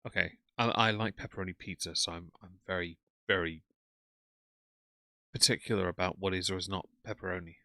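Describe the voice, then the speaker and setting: Casual blunt guy reacting on stream, swears a lot, bright dry voice. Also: deep voice, steady tone, fairly quick, no echo. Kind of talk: casual commentary to chat.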